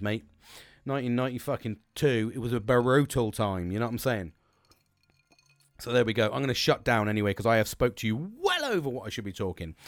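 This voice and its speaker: A man's voice: fairly low pitch, no echo. A middle-aged man hosting a solo podcast, talking casually with lots of swearing and digressions that he keeps catching himself on. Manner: sweary, chatty, self-interrupting digressions. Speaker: podcast host. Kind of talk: rambling solo podcast monologue.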